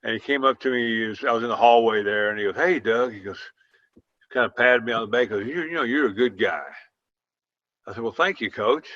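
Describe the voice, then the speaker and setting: A man's voice: mid-range voice, fairly bright tone. Folksy older man telling stories. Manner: folksy, drawn-out anecdotes with quoted dialogue. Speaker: former football player guest. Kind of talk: casual storytelling on a video call podcast. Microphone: video call. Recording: dull lo-fi sound.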